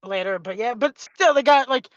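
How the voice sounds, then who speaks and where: A man in his thirties co-hosting a casual show, joking with deadpan absurd humor. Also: very high voice, normal speed, no echo, muffled recording. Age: 30s. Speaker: co-host. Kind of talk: casual podcast chat.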